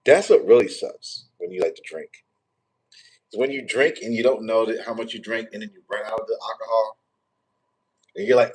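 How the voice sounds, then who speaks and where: A man's voice: lowish voice, a little fast, husky. A man, hosting a tarot livestream in rambling, profane, joking casual chat.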